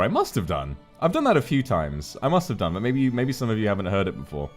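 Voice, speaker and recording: Lively low-voiced male streamer. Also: fast talker, hardly any pauses, soft background music. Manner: animated, jumps into voices and laughs. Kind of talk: casual live-stream chat.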